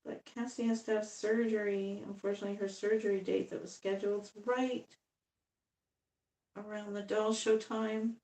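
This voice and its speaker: A woman's voice: medium pitch, little pitch movement, normal speed, darkish tone. A woman in her fifties chatting on a casual live stream at home as she works on dolls. She rambles and laughs often. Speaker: doll artist live-streaming. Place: home room. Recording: echoey room, far from the mic.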